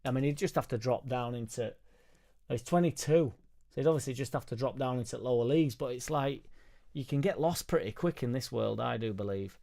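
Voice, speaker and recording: A man hosting a football fan live stream, chatting casually and reading viewer comments aloud in a rambling, sweary, jokey way into a studio microphone on a boom arm. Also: a little fast, gravelly, warm tone. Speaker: football fan channel host.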